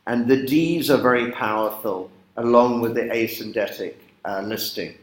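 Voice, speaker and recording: A male literature teacher lectures a class on a poem, reading quoted lines with slow emphasis. He keeps checking in with his class through tag questions. His voice sits at a middling pitch and carries a roomy classroom echo. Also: slight background noise. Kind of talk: classroom poetry lesson.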